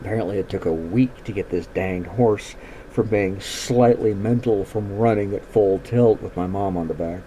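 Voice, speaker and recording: A man's voice: sits low, moderate pace, warm tone, a little hiss or hum, poor audio. A man hosting a show, telling a ranch story in a casual, folksy, plain-spoken way. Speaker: storytelling host.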